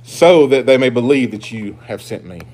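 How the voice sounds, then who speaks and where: A man pastor preaching a sermon, emphatic and swinging between loud declarations and hushed asides. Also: mid-range voice, lively intonation, normal speed.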